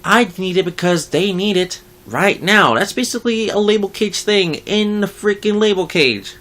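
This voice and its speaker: A young adult vlogger letting off steam at a home mic in a casual rant. The pitch leaps up and down, and the curses come thick. Now and then the voice mocks people it is annoyed at. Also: moderate pace. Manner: animated, swears a lot, mocks others.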